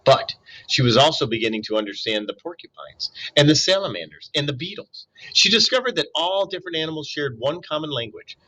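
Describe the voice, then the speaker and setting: A man reading a children's novel aloud in an expressive way, with asides to young listeners. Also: on the high side, brisk, poor audio. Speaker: reader.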